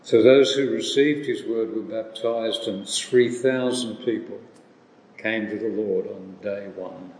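Male preacher, unhurried, deliberate, in a reverberant church hall with long echo. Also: on the low side, darkish tone, slight background noise. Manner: slow, deliberate delivery with rhetorical questions. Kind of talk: sermon.

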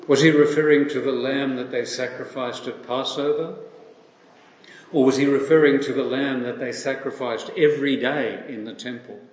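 A man preaching a sermon, slow and reflective, asking his listeners questions. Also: medium pitch, darkish tone. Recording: echoey hall with faint ambience.

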